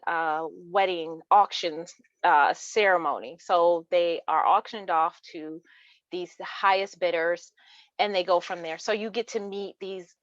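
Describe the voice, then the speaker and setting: A woman's voice: mid-range voice, no echo, dull audio. Chatty woman author, laughing often. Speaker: author and interview guest. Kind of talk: casual chat about books.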